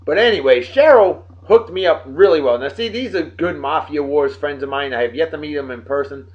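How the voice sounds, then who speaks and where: A rambling, jokey man gives shout-outs to friends, talking straight to them from his home. His voice sits fairly high. The recording is dull and lo-fi. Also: fairly quick. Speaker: host of a daily beer and song show. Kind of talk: casual birthday shout-outs to viewers. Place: home in Texas.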